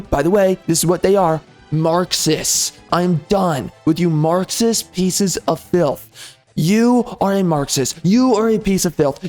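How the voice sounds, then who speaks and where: A man's voice: high voice, darkish tone. A man on a gaming commentary channel, ranting in a slightly raised voice. He hammers the same insults over and over in an angry tirade, with faint music running underneath.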